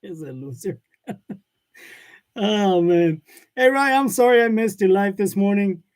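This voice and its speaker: Chatty high-voiced man hosting a live chat. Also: animated, measured pace, darkish tone, clear, resonant tone. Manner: chatty, laughs often, loose and joking. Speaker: live-stream host of a print shop channel. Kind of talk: casual live chat, reading comments aloud. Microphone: wireless lavalier.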